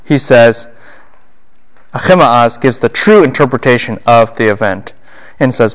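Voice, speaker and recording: A middle-aged man lectures a university class on a Bible passage at an ordinary pitch, with lively intonation, a measured pace, and frequent pauses. He keeps asking the room questions and answering them himself. When quoting someone, his voice leaps up and down in pitch and volume.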